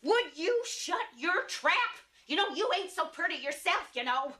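An actress playing a foul-mouthed old farm woman who is furious and crazed, with loud, threatening speech in film dialogue. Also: extremely high pitch, very animated, normal speed, exaggerated voice. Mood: scolding.

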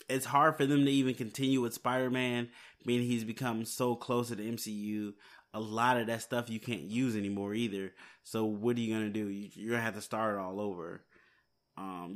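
A man's voice: on the low side, fairly bright tone. A man hosting a casual solo podcast from home late at night, rambling and sounding tired. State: hiccups. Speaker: podcast host.

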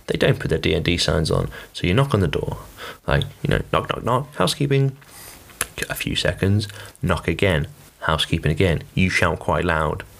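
A man's voice: deep voice, moderate pace, creaky, fairly bright tone. A young man hosting his own podcast, rambling casually with lots of fillers and blunt swearing. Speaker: podcast host. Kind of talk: casual solo podcast monologue.

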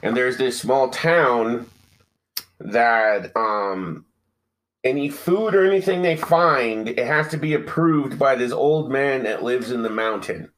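Male podcast co-host, loose and profane, jokey storyteller, medium pitch. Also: slow, fairly bright tone, low-quality recording. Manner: profane, joking, mocks old-timey speech. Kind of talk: casual chat.

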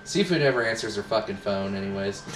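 A man's voice: on the low side, expressive, fast. A man working at a deli counter, ranting in casual chat with heavy swearing and acting out customers. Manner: profane ranting, acts out customers. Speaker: deli worker. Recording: echoey room, away from mic, faint room noise.

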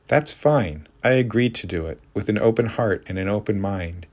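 A male audiobook narrator voices a weary, blunt woman in her thirties, fed up and pushing her words out with exasperated force. His deep voice stays a little raised and close to everyday speech, at a moderate pace, more steady storybook reading than full character acting.

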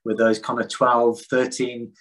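A man's voice: medium pitch, level tone, a little slow, fairly bright tone, rough recording. A man, talking frankly and at length as a podcast guest, rambling and self-deprecating. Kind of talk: casual conversation.

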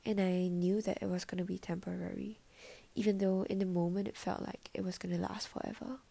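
A young woman's mellow, breathy voice with a gravelly fry at the ends of phrases. She muses softly, slipping into half-whispers and trailing fillers as she shares her reflections in a personal vlog. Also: lowish voice, level tone, a little fast. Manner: soft, often half-whispered, filler-heavy musing. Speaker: vlogger.

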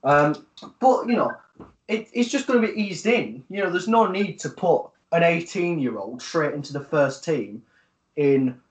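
A man, co-hosting a casual football podcast, talking in a measured way with many fillers and pauses. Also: fairly high pitch, expressive. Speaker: podcast co-host.

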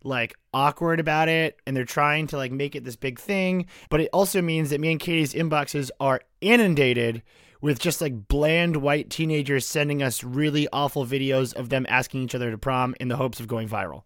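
A man's voice: mid-range voice, moderate pace, a bit bright, dry recording, studio quality. A young man co-hosting a podcast, telling jokey, sarcastic stories in casual chat. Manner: joking, sarcastic storytelling. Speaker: podcast co-host.

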